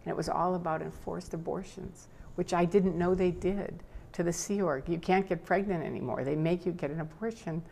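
A woman's voice: on the low side, moderate pace, gravelly. Older woman telling an emotional story. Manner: animated, tearful at times, acts out quotes. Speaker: interview guest.

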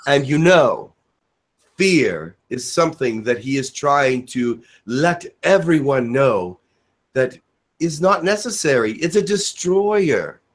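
A man speaking as the spirit Elijah in a channeled spiritual message, in a slow preaching cadence with dramatic pauses. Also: medium pitch, expressive. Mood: earnest. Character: Elijah, a male spirit giving a solemn message.

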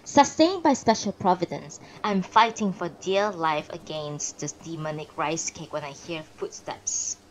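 A woman reading a classic novel aloud on a live stream, expressive with pauses and small self-corrections. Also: deep voice, poor audio. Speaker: narrator and streamer.

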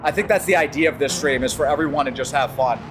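An American man on a live stream, chatting casually and excitedly with his viewers and greeting them by name while he races. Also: on the high side, fast talker, noisy background. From United States. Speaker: gaming livestreamer.

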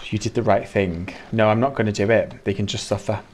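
A man streaming a video game live, reacting loudly, laughing and teasing his chat as he plays. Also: on the low side, fairly even intonation, moderate pace, a little hiss or hum. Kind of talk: live gameplay commentary, reading chat. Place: indoor room.

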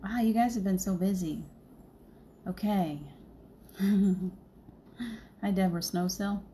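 A woman's voice: mid-range voice, takes it slowly, dark tone, a little hiss or hum. A woman hosting a casual livestream as a spiritual medium, chatting in a rambling way and laughing often.

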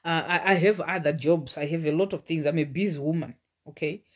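Speaking a little fast in a low register, a woman who preaches and coaches on relationships shares her testimony during a livestream sermon. She makes fervent declarations, repeating them again and again.

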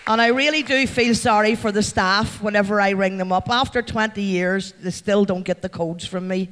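A man's voice: high-pitched, fairly even intonation, moderate pace, a bit bright. A man with a Northern Irish accent giving a heartfelt, chatty acceptance speech to a live audience and thanking people by name. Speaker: award recipient addressing a company event. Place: large event hall. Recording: long hall reverb.

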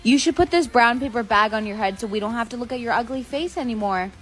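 Woman doing sharp-tongued teen girls and a mom, fairly high voice, skit comedy. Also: quick pace, soft background music, lightly acted. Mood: mean. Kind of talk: comedic POV skit acting.

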